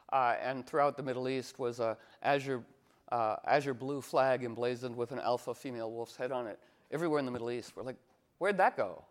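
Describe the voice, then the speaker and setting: A man talking in a meandering casual monologue as an astrologer, full of fillers and restarts, animated and playful. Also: medium pitch. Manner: animated, slips into playful cooing voices.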